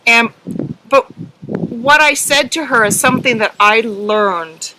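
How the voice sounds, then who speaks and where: A middle-aged woman co-hosting a casual podcast, telling a story earnestly and emotionally, with halting ums. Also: fairly high pitch, bright, forceful tone, slight background noise, low-quality recording. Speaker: podcast co-host and herding judge.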